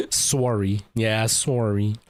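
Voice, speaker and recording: A young man streamer, born in El Salvador and raised speaking Spanish, talks in a Canadian English accent with a slightly lower voice. He rambles casually, piling on "like" and restarts. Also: steady tone, extremely slow, no room sound, clean studio sound. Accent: Canadian English with some American. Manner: rambling, lots of "like", mimics others' voices.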